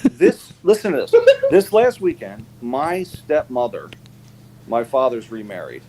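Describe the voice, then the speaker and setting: A man on a casual live panel chat, telling stories with lots of fillers and sharp jumps in pitch when he quotes people. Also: a little slow, vocal fry, noisy background. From United States. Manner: animated storyteller, many fillers, pitch jumps when quoting.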